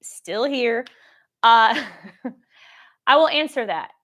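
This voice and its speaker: A woman hosting a casual live-stream Q&A, telling stories in a lively way and acting out the people in them. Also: a little high, drawn-out words. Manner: animated storytelling, acts out quoted dialogue; reads viewer questions aloud. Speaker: government contracting coach.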